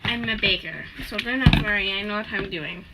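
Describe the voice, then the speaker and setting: A woman's voice: medium pitch, brisk, very noisy. A woman making slime on a vlog, talking in a silly, playful way with lots of fillers, recorded on a phone. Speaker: vlog co-host.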